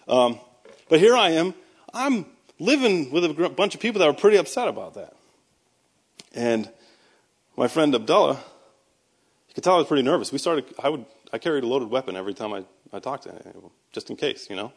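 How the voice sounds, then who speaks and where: This US Christian speaker, who served in the army, recounts his testimony in a sermon with a mid-range, breathy, highly animated voice. He talks a little fast and pauses often, mixing conversational storytelling with sarcastic remarks and emphatic bursts.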